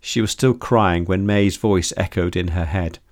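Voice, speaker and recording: Man reading a story aloud, kinda low voice, steady measured pace. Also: dry recording, studio quality. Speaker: audiobook narrator. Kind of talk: scripted narration.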